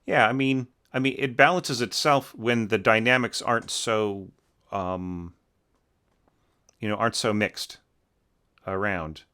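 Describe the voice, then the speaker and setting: Male orchestration teacher, lower voice, loose and chatty, sings the lines. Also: measured pace, long pauses, sharp tone, clean tone. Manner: rambling, many fillers, sings phrases as bum bum. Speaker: orchestration teacher reviewing scores. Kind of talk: casual spoken critique.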